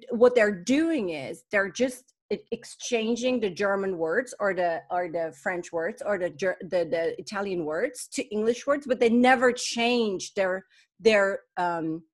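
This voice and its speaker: Lively woman chatting with many restarts. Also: medium pitch. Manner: lively, restarts sentences often. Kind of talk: casual conversation.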